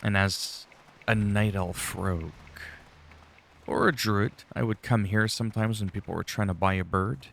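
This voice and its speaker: Low gravelly man rambling over gameplay. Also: steady tone, normal speed, fairly bright tone. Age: adult, long-time player. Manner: rambling, chatty, swears freely. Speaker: gaming channel host. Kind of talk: casual gameplay commentary.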